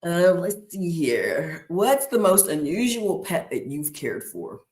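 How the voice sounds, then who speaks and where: A man's voice: sits high, sing-song, slow, a little mellow. A man hosting a podcast, chatting casually and rambling through listener questions with many fillers, restarts and chuckles. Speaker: podcast host. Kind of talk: casual solo chat answering listener questions.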